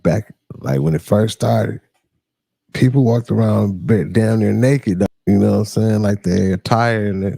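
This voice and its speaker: A man chats loosely on a reaction stream, drawling through slang and filler words. His voice sits low with a gravelly fry and a dark, mellow tone. The sound is dry and close. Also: no room sound. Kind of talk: casual livestream reaction talk.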